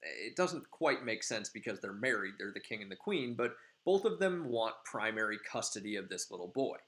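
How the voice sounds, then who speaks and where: A man's voice: lowish voice, very animated, normal speed, fairly bright tone. A male teacher giving a casual, rambling class lecture, full of filler ums. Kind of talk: classroom lecture summarizing a play.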